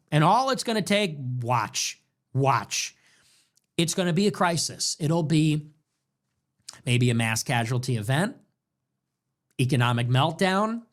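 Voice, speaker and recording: Ranting young man, lively pitch swings. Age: young adult. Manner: ranting, repetitive rhetorical questions. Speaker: political show host. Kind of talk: heated political monologue.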